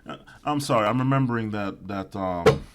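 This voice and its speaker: Deep-voiced rambling sarcastic male commentator. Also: normal speed, heavy background noise. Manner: rambling, profane, mock-apologetic asides. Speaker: video commentator.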